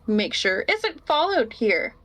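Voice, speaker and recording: A woman playing a tabletop game, speaking in halting bursts and repeating words. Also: a little high, sing-song, a bit bright. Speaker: player. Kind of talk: tabletop role-play.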